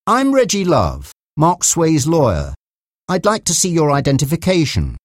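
A brisk female lawyer gives firm, clipped orders in a raised, slow-paced voice, as a male audiobook narrator puts her on. The storybook reading is dry and close, and her tone stays decisive. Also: fairly high pitch, wildly swooping pitch, darkish tone, no room sound, voice pushed up, exaggerated voice.

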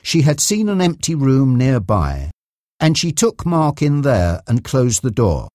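A man narrating a chapter of an audiobook in a steady storytelling manner. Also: medium pitch, a little slow, no echo, studio quality. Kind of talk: scripted narration.

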